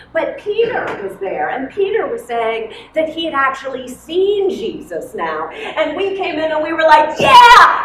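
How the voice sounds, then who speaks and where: A woman retelling a Bible story in the first person, expressive with dramatic pauses, as in a church service. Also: on the high side. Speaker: worship storyteller. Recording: echoey room, mic far off, noisy.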